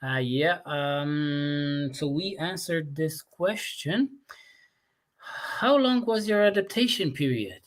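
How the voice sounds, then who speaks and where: A man's voice: fairly high pitch, expressive, slow. A man with an American accent hosting a casual interview, asking questions and joking between them. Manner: chatty, joking, asks questions. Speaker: host.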